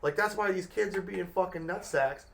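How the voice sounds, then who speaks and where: A man's voice: high voice, moderate pace, gravelly, a little hiss or hum. A man co-hosting a casual podcast, rambling through a family story and swearing often. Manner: rambling, swears a lot, acts out family quotes. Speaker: podcast co-host. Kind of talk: casual profane chat.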